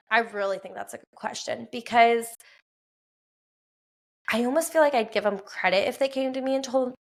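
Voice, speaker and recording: A woman in her thirties with a Wisconsin accent talks casually as a podcast host, scattering fillers and easy laughter through her chat. Her voice sits in a middle register with a gravelly fry at the ends of phrases, recorded in a quiet home late at night. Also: mid-range voice. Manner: chatty, laughs often, frequent fillers.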